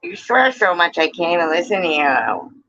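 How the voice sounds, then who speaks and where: A woman's voice: on the low side, very animated, moderate pace, a bit bright, dull audio. A woman hosting a casual livestream, chatting with viewers in a playful, teasing way and swearing freely. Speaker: livestream host.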